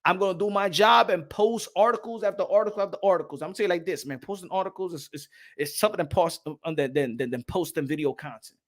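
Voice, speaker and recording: A man's voice: high-pitched, fast talker. A man hosting a boxing channel, ranting casually with lots of stammered restarts. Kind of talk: casual vlog rant.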